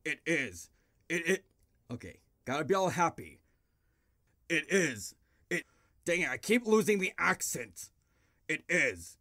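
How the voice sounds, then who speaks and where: A man's voice: fairly high pitch, very animated, unhurried, long pauses, pushed and bright, no room sound, clean studio sound. A man voice actor recording blooper outtakes, flustered and frustrated as he retakes his lines. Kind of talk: blooper outtakes, casual chat.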